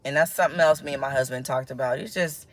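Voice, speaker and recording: Very deep-voiced and quick-paced, an American woman chats casually to her vlog camera, laughing often. She brings quoted people to life with animated voices. No echo.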